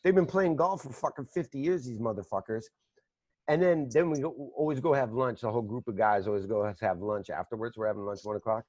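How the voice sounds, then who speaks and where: A man's voice: mid-range voice, a little fast, a little mellow, dry recording, dull audio. A man hosting a podcast, rambling through profane stories in casual chat on a close mic. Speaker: podcast host.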